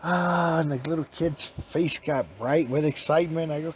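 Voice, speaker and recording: A man's voice: fairly high pitch, moderate pace, slight background noise. A man rambles through folksy stories on his podcast in an easy, casual way. He chuckles as he goes, drifting from one tale to the next. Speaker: podcast host. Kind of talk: casual storytelling.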